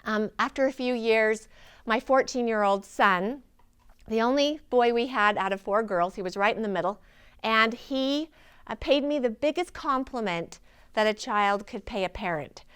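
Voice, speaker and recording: A woman's voice: a little high, normal speed, a bit bright, clear, resonant tone. A woman in her forties, a healing practitioner, giving an earnest, inspirational personal testimony.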